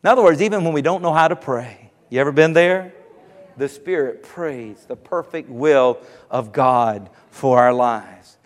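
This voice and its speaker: A male pastor from South Carolina, preaching an animated sermon, joking with the congregation and rising to shouts. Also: medium pitch, unhurried. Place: church sanctuary. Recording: long church hall reverb.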